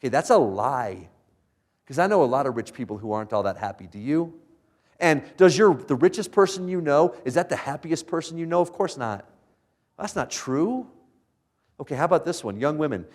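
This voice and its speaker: A man speaking as a guest lecturer to college students in a lecture room, animated, firing rhetorical questions at the audience and chuckling often. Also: mid-range voice, fairly quick. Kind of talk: motivational lecture.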